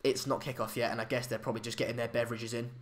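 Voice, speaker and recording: A man's voice: mid-range voice, level tone, rapid-fire. A young man, hosting a casual live stream chat, hesitant with many fillers and restarts. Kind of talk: casual live match chat, reading comments.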